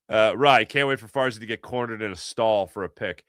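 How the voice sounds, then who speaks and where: A middle-aged man from Philadelphia hosting a casual sports talk show, telling animated stories and acting out voices. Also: lowish voice, moderate pace, smooth, no echo, clean studio sound. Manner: animated storytelling, acts out voices.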